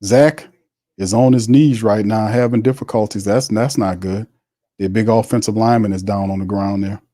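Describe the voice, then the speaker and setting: A man's voice: fairly low pitch, steady tone, normal speed, warm tone, no room sound, clean studio sound. A man hosting a live football watch party, calling the plays, reading viewer messages and trash-talking. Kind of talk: live play-by-play and chat reading.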